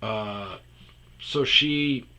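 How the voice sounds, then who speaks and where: Rambling man with a bright, forceful voice. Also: mid-range voice, very slow, a little hiss or hum. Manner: rambling, restarts, drops to muttered whispers. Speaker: comedic storyteller. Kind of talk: rambling comedic monologue.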